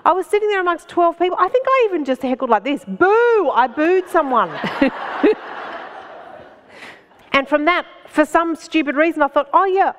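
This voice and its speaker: A woman with an Australian accent, a stand-up comedian telling a story as a guest in an animated way and laughing between phrases. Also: high voice, fast talker, hardly any pauses, in a large hall, slight background noise. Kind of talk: anecdotal storytelling in conversation.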